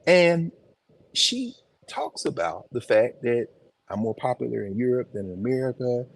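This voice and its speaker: A man giving an informal, animated lecture on location in a museum, talking conversationally with emphatic asides. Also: medium pitch, normal speed, vocal fry. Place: museum, indoors.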